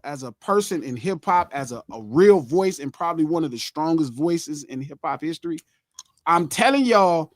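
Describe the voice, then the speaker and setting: A middle-aged man hosting a podcast, talking in a profane, animated way and arguing with himself in mock quotes. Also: sits high, no echo. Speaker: podcast host. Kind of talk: casual chat.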